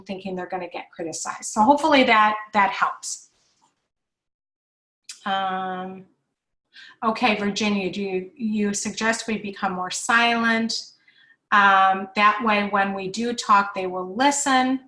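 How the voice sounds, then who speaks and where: A woman's voice: medium pitch, fairly bright tone. A woman in her forties hosting a live parenting workshop, chatty and reassuring as she answers viewer questions with frequent fillers. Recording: echoey room.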